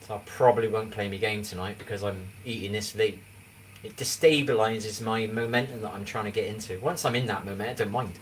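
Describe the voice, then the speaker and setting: A man's voice: lowish voice, fairly even intonation, a little fast. A man in his forties with an English accent, chatting casually on a livestream and rambling as he keeps asking if you know what he means. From England. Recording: distant mic with faint background noise.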